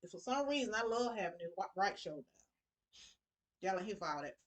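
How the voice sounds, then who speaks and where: A woman's voice: mid-range voice, animated, a little fast. A middle-aged woman giving a casual sewing tutorial, chatty and talking to her viewers as y'all. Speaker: sewing vlogger.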